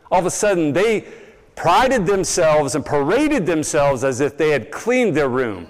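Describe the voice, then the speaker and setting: Animated young male preacher in a reverberant hall. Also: a little high, measured pace. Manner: animated storytelling, acts out quoted voices. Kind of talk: sermon. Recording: long reverb in a large hall.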